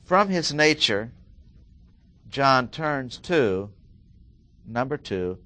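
A middle-aged man teaching through a Bible passage, deliberately repeating key phrases and stressing single words. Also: mid-range voice, sing-song, bright, forceful tone. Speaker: preacher.

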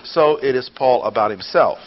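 A man's voice: mid-range voice, lively intonation, slight background noise. Man teaching a Bible lesson. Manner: deliberate, explanatory, repeats key points. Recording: dull lo-fi recording.

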